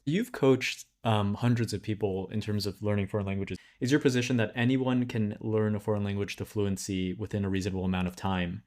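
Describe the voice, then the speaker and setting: A man's voice: on the low side, steady tone, brisk, few pauses, darkish tone. A man hosting an interview, asking curious, thoughtful questions. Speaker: interview host.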